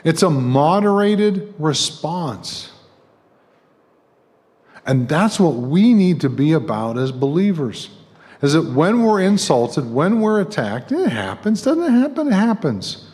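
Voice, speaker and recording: A man's voice: on the high side, very animated, takes it slowly, a little mellow. A middle-aged man preaching a sermon as guest speaker, talking conversationally with joking asides to the congregation. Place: church sanctuary. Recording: long church hall reverb.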